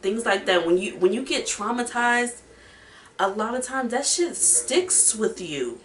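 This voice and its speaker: A woman's voice: a little high, lively intonation, unhurried, roomy sound. A woman reviewing a reality show in casual, emphatic talk, swearing freely and speaking straight to her viewers. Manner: emphatic, profane, talks to viewer directly.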